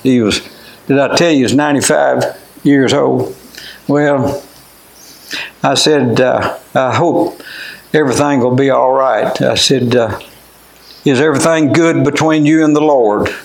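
A man's voice: medium pitch, unhurried, vocal fry, pauses often. An older man, preaching a homey, plainspoken sermon and telling stories between scripture readings. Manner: plainspoken, homey, quotes scripture in old wording. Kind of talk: folksy sermon with storytelling. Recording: echoey room.

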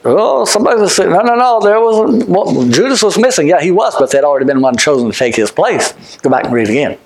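High-voiced man preaching fervently in an echoey room. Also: expressive, quick pace, creaky. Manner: fervent preaching, swings between shouted emphasis and quiet asides; repeats words and restarts phrases. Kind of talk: sermon.

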